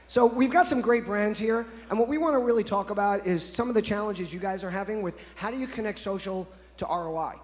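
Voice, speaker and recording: A man's voice: high voice, brisk, few pauses. A man in his fifties presenting at a conference, telling playful anecdotes and talking straight to the audience. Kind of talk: storytelling keynote talk. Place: conference stage. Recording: echoey conference hall.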